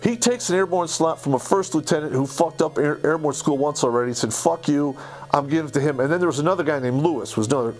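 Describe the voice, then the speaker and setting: A man, an army veteran, telling a story of his own service in a heated, profane, animated way. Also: a little high, fast, hardly any pauses, soft background music. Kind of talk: casual storytelling.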